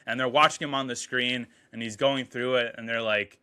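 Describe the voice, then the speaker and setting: Bright-voiced excited male movie reviewer. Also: mid-range voice. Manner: excited, profane, quotes scenes in quick paraphrase. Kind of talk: casual enthusiastic movie review.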